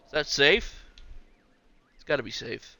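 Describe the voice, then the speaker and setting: A man's voice: mid-range voice, lively intonation, unhurried, creaky, pushed and bright, no room sound. A man streaming a park-building game, rambling casually as he plays and talking to the animals on screen. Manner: rambling, chatty, talks to the game. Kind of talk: casual gameplay commentary.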